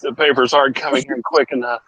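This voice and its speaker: A man's voice: medium pitch, steady tone, quick pace, pushed and bright, poor audio. A man hosting a casual online group voice chat, rambling and swearing freely. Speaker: host.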